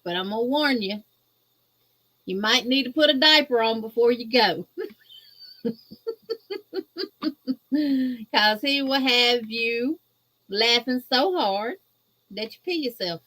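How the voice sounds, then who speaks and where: A Southern woman with a Louisiana accent, talking on a live stream with a fairly high, light voice. She chats casually and folksily with viewers, stretching out her cheerful greetings as she reads their comments. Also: a little slow, pushed and bright. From Louisiana, USA. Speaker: guest host of a crochet livestream. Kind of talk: casual livestream chat reading viewer comments.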